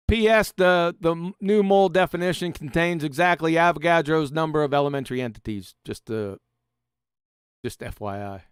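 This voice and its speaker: A man's voice: a little high, normal speed, long pauses, clear, resonant tone, no room sound, studio quality. A man hosting a live stream, mocking and sarcastic, reading quotes and laughing often. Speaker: host.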